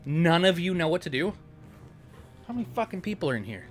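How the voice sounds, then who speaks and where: A man's voice: high-pitched, sing-song, fairly quick, faint music behind. Profane joking man streaming a game. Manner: profane, joking, reads chat aloud. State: tired. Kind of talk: casual let's-play chat. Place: home.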